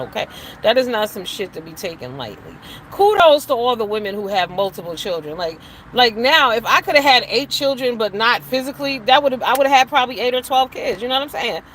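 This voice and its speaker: A woman's voice: a little high, fairly bright tone, poor audio. Brief: middle-aged woman, show host, emphatic and profane opinion talk, faint background hiss. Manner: blunt, profane, emphatic, preachy asides. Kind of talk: opinionated casual commentary.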